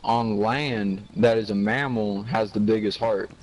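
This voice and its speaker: A man's voice: fairly low pitch, fairly even intonation, a little slow, noisy background. Crude, joking young man on a gaming stream. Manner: crude, joking, quizzes his friend, repeats himself. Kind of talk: casual gaming chat.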